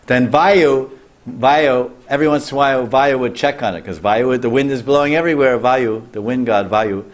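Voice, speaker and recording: A man at middle pitch tells a sacred story as a sermon. He talks loosely, restarts his phrases and turns to the listeners with questions. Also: moderate pace. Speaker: spiritual teacher.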